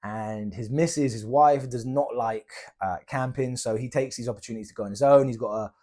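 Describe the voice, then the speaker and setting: A man's voice: medium pitch, fairly quick. Young British man, casual slangy storyteller, vlog voice. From Britain. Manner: chatty, slangy, animated retelling with quoted dialogue. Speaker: travel vlogger.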